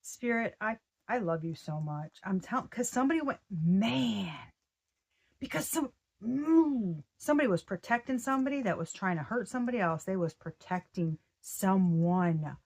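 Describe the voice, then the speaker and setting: An excitable woman doing a loose, chatty tarot reading, her voice sitting at an ordinary middle pitch. She talks in slang and swears freely, often cutting herself off and restarting her sentences. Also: normal speed. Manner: slangy and profane. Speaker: tarot reader. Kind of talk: casual spiritual reading.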